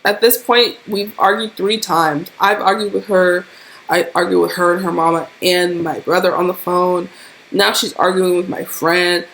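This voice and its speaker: A woman's voice: on the low side, steady tone, normal speed, a bit bright, a little hiss or hum. A young woman vlogger animatedly telling a profane storytime tale to her camera. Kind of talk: storytime vlog.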